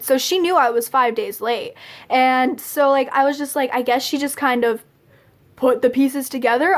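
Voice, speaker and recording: A young woman tells a personal story to her camera in a loose, chatty way, full of "like" and little laughs. Her voice sits high. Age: young adult. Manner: chatty, filler-heavy, giggly. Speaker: vlogger. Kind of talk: casual storytelling.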